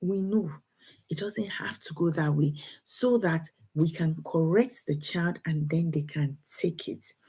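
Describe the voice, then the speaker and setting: A woman from Africa talks through parenting advice in a slightly low, husky voice. She is lively and repeats words as she goes, slipping into little acted quotes of parents and kids. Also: a little slow. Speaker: parenting coach. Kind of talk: advice talk to camera.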